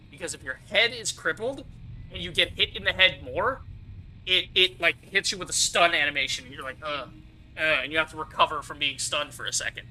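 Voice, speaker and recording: A man's voice: a little high, pushed and bright, poor audio. A young man casually commentating his playthrough of a video game, chatty and explaining the mechanics with plenty of fillers and asides. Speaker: gaming streamer. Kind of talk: casual let's-play commentary.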